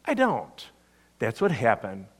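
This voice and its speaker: Lively, animated male preacher. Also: medium pitch, takes it slowly, husky. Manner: lively storyteller acting out quotes. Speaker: pastor. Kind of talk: sermon storytelling.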